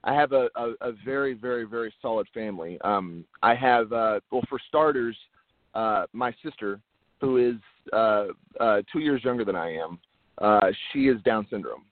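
An actor being interviewed talks earnestly yet casually at normal speed, his mid-range voice often repeating words as he restarts. The line sounds tinny and phone-like, dry and without echo.

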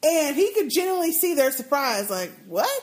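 A woman's voice: high-pitched, sing-song, a little fast, a little mellow. A woman co-hosting a podcast in casual chat, retelling TV scenes and acting out the characters' lines. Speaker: podcast co-host.

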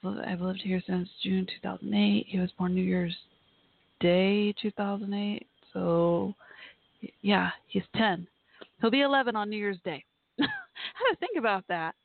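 A chatty woman hosting a call-in podcast from her home office. She thinks out loud and apologizes often. The sound is dry and thin, like a phone line. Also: medium pitch, big pitch swings, normal speed, vocal fry, no room sound. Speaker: podcast host. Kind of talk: casual call-in show chat.

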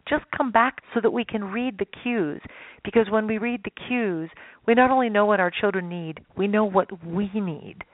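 A woman's voice: medium pitch, normal speed, no echo. A woman guest expert telling stories in a radio interview, acting out little voices as she explains. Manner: animated storyteller, acts out voices. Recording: dry, phone-like line.

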